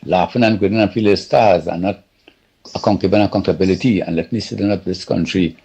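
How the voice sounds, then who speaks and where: A caller with a low, gravelly, husky voice rants on air, rambling and indignant. His tone sounds dark and heavy. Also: steady tone, a little fast. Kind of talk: phoned-in political rant.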